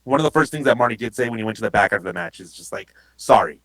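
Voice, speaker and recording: A man on a casual podcast, talking through an emotional behind-the-scenes story. He rambles and restarts, close to tears at times, with a relaxed, everyday tone. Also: medium pitch, racing, poor audio. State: getting teary-eyed. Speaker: podcast guest and wrestling promotion insider.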